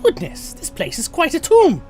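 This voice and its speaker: A man's voice: very high voice, huge pitch swings, moderate pace, a little mellow, soft background music, voice pushed up, exaggerated voice. A man voicing an earnest young woman who gives quests in a fantasy game, reading her lines aloud in an eager, friendly way. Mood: uneasy. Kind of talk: game dialogue voiceover.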